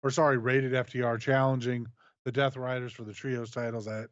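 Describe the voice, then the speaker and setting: A man co-hosting a stream, recapping the events of a show in a steady, matter-of-fact way. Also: mid-range voice, fairly quick, dry recording, dull audio. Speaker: co-host recapping a wrestling show. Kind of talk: casual recap reading.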